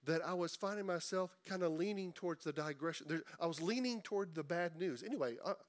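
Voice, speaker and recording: A middle-aged man preaching a sermon in a conversational way, repeating words and slowing down for emphasis. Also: a little high. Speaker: pastor.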